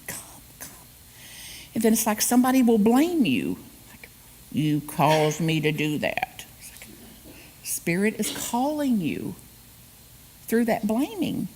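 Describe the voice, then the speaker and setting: A woman's voice: mid-range voice, a little mellow. A woman guest speaker giving a humorous spiritual sermon in a church, acting out quotes and laughing often. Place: church sanctuary.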